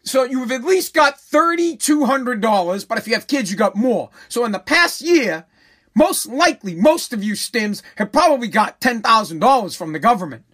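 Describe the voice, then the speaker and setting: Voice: mid-range voice, animated, normal speed, fairly bright tone, husky. A vlogger delivering a profane, sarcastic rant to viewers, scolding them and repeating lines for emphasis. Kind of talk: ranting monologue to viewers.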